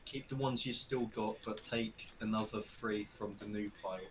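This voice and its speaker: A man running a party game round over voice chat, explaining rules with quick restarts. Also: fairly low pitch, steady tone, a little hiss or hum. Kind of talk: casual chat over voice call.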